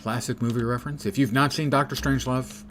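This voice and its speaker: A man's voice: mid-range voice, fairly even intonation, fast talker, a bit bright, a little hiss or hum. A man streaming a game live, chatting and joking casually with his viewers.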